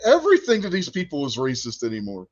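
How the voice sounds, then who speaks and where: A man's voice: medium pitch, wildly swooping pitch, fast talker, lo-fi sound, over a noisy crowd. A man co-hosting a casual podcast chat, sarcastic and teasing, laughing often. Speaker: podcast co-host.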